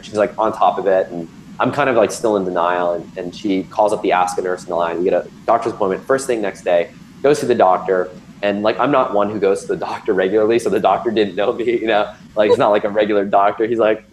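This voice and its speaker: A man's voice: fairly low pitch, a little fast, a little hiss or hum, low-quality recording. A man in his thirties, recounting a personal health scare in a candid conversational way, with lots of ums and restarts. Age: 30s. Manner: candid, filler-heavy storytelling with many ums and restarts. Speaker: guest telling his story.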